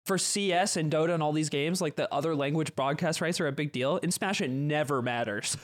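A man's voice: a little high, a little fast. A man co-hosting a podcast in casual chat, rambling and often restarting his sentences. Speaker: podcast co-host.

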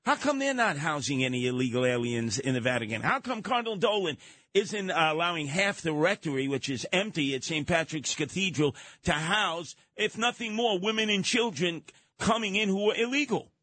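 A man hosting a radio talk show, trading opinions with callers in an animated, mocking way that slips into acted voices. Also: on the high side, moderate pace.

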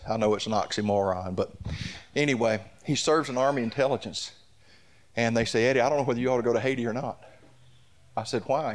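A male pastor preaching a sermon, building to repeated declarations and telling stories with quoted dialogue. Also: mid-range voice.

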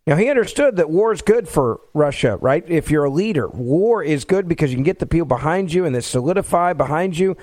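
Middle-aged male podcast host with a high voice and dry sound; fired-up political monologue that presses rhetorical questions. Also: animated, brisk, hardly any pauses, a little mellow, no echo.

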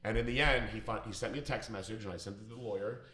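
A man's voice: on the low side, very fast, sharp tone. A man telling a personal story in a casual, blunt, profane and emphatic way. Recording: echoey room.

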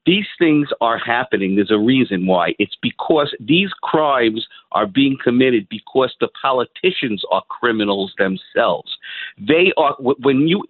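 A man calling in to a radio talk show, ranting in an agitated, halting way with lots of restarts. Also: medium pitch, no echo. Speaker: caller. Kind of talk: call-in radio rant. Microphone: phone. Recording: tinny phone line.

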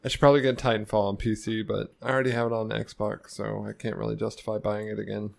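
Man, lowish voice, casual podcast co-host, laughing and teasing. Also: level tone, fast, gravelly. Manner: laughing, teasing, chatty gamer talk. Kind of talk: casual chat.

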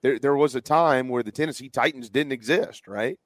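A man's voice: medium pitch, brisk, dry recording. A man with a Southern US accent hosting a casual sports podcast, leading the talk and handing off to his co-hosts. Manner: conversational, hands off to co-hosts. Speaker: podcast host.

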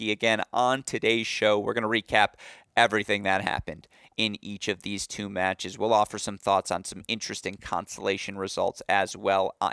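A man's voice: on the low side, smooth, no room sound, clean studio sound. A man hosting a sports podcast, recapping matches with enthusiasm and a slightly worn voice. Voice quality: slightly worn voice after a long day. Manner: enthusiastic, gets loud and excited telling stories. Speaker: podcast host.

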